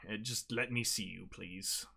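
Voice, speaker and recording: A man's voice: lowish voice, fairly even intonation, unhurried, gravelly, sharp tone, slightly rough, exaggerated voice. A man voicing a weary, curt ship captain.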